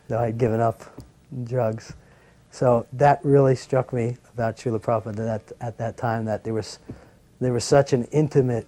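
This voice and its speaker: A man looks back in a reflective recollection, speaking calmly. His voice often drops softer, and it sits at a mid pitch. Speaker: devotee recalling memories. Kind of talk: personal recollection.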